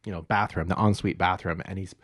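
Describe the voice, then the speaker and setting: A man's voice: sits low, steady tone, fast, fairly bright tone, no echo, studio quality. A man co-hosting a podcast, recapping a TV episode in casual chat, acting out quoted lines and laughing often. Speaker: podcast co-host.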